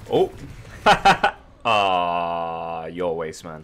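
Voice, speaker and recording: A man giving casual, profane gameplay commentary, self-mocking, and swinging from loud outbursts to low mutters. He has just woken up and has a sore throat. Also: a little slow. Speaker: gamer streamer.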